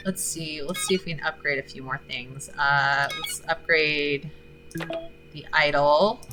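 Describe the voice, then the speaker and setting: A woman's voice: low-pitched, fairly even intonation, a little slow, bright, forceful tone, soft background music, low-quality recording. A woman streaming a game, chatting casually and reading the game's text aloud as she thinks through her choices. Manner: chatty, thinking aloud with fillers between read-out passages.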